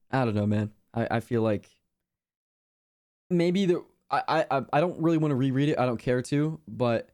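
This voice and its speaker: A man's voice: mid-range voice, darkish tone. A young man streaming casually, rambling in a laid-back slangy way with lots of fillers. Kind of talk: casual reaction chat.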